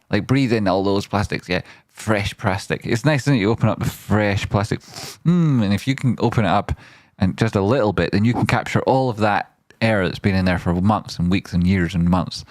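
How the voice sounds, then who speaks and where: A man hosting a live trading stream riffs playfully in rambling chat, often jumping into a high, silly voice. The recording is dry.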